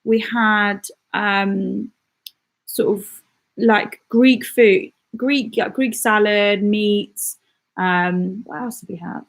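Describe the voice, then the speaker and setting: A woman's voice: mid-range voice, fairly even intonation. Chatty woman hosting a live chat. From England, the Midlands. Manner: chatty and rambling, lots of fillers, quick laughs. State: out of breath. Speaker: channel host. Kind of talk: casual live-stream chat reading viewer comments.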